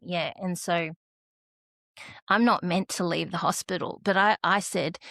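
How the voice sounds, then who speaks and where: A woman's voice: lowish voice, fairly even intonation, unhurried, vocal fry, pauses often, a bit bright, no echo. An Australian woman, a podcast guest, telling an emotional personal story. She is close to tears and often restarts her sentences.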